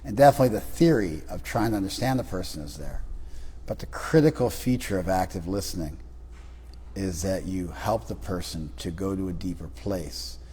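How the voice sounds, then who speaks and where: A man's voice: sits low, moderate pace, a little hiss or hum. A man leading a class discussion, teasing his students and acting out the voices of people he describes. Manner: teasing, animated, acts out quoted voices. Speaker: spiritual teacher leading a class. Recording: room recording with long reverb.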